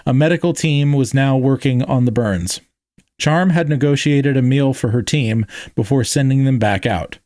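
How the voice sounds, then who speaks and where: A man's voice: medium pitch, normal speed, a little mellow, no room sound. Man reading his novel aloud, medium voice, plain delivery, dry close sound. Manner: plain reading with frequent restarts.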